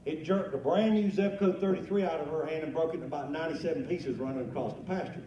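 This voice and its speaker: In a banquet hall at a lunch event, an older comedian delivers storytelling stand-up to the crowd, his folksy tales growing rowdy at the punchlines. His voice sits on the high side and is mellow, and he talks quickly. The sound is muffled, picked up from a distance in the roomy hall with a little noise.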